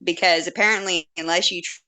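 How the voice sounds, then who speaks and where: A woman's voice: lowish voice, fairly even intonation, brisk, sharp tone. A woman in her forties, a podcast guest telling a story in casual chat, blunt and candid, acting out quotes and laughing often.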